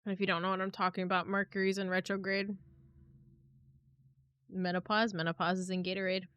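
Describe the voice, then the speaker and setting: A woman's voice: medium pitch, level tone, fairly quick, a bit bright, clear, resonant tone, dull audio. A young woman live streamer chatting casually with her viewers, rambling and giggling, swearing now and then.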